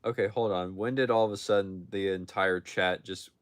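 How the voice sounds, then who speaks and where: Young guy streaming from his phone, kinda low voice, rambly, keeps restarting his sentences. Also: fairly even intonation, moderate pace. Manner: rambling, with frequent restarts and self-corrections. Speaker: livestream host answering chat. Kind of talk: casual livestream chat.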